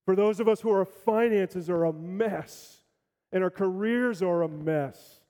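A man preaching a sermon as pastor, telling stories animatedly and swinging from loud bursts to hushed asides. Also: high voice, a little slow, long reverb tail. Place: church hall.

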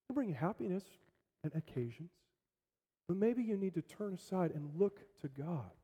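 Male pastor, sermon, animated storytelling, loud-to-hushed swings, high-pitched, echoing church hall. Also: normal speed, husky, muffled recording.

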